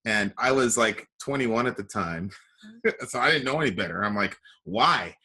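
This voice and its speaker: A man's voice: lowish voice, expressive, normal speed, pushed and bright, breathy edge. A man hosting an interview, telling a story and laughing as he talks. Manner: storytelling, laughs while talking. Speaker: interview host. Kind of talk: casual interview chat.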